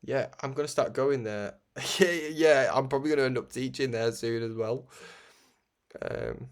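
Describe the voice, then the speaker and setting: A young man hosting a religious broadcast, talking in a rambling, animated way with frequent laughs. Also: mid-range voice, moderate pace. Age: young adult. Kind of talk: casual spoken monologue.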